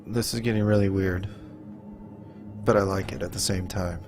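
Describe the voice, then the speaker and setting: A man with a fairly low voice plays through a story game, talking to himself in a loose, musing way. Soft game music runs faintly underneath. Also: moderate pace. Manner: relaxed, musing aloud with frequent okays and hms. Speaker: let's play host. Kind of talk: casual gameplay commentary.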